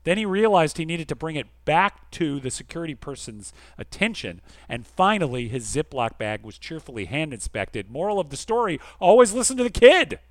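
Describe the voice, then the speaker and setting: A man co-hosting a podcast, reading listener emails aloud expressively and going quiet and soft for the serious ones. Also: moderate pace, hardly any pauses, no room sound. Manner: expressive reader, dropping soft and low for serious letters. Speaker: podcast co-host.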